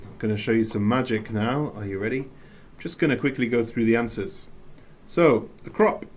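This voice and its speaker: A man from England with an English accent, teaching a recorded English lesson, reading slowly and adding playful asides. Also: mid-range voice.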